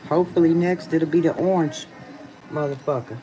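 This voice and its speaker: Woman livestream host, deep and slow, drowsy casual chat over a noisy outdoor phone recording. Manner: chatty, slangy, addresses viewers as y'all. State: tired, yawning. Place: outdoors on a rainy day.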